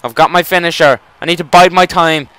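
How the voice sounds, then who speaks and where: A young man commentating his own wrestling video game match live, excitable and swearing, shouting at the screen. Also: fairly high pitch, fairly quick, smooth, dry recording.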